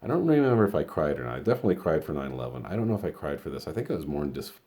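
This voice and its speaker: A man's voice: very deep voice, sing-song, very fast, dark tone. A middle-aged man from Colorado telling a story in a casual, rambling way, full of fillers and blunt, profane asides. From Colorado, USA. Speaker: vlog host.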